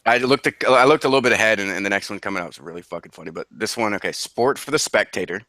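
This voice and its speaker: A sick man co-hosts a casual podcast chat, swearing freely, laughing often, and sounding mock-incredulous. His voice is on the low side, bright and forceful, delivered rapid-fire on a dry recording.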